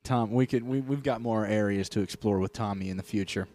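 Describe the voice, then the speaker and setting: A man's voice: on the low side, mellow. Man riffing in casual podcast banter. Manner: joking, riffing, fast bursts. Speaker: podcast co-host.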